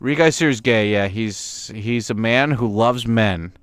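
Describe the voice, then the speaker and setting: A man's voice: fairly low pitch, a little slow, clean tone. A young man, a game streamer, chatting crudely and rambling with his chat while playing. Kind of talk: casual livestream gaming commentary.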